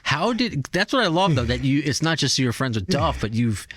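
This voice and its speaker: A man's voice: mid-range voice, big pitch swings, moderate pace, a bit bright, no echo. Laughing, easygoing male podcast host. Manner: laughs often, loose meandering questions. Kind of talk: casual interview chat.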